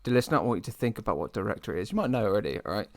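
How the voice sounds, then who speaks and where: A man from the UK co-hosting a podcast in casual chat, animated, swearing and teasing. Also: lowish voice, rapid-fire, dry recording, studio quality. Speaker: podcast co-host.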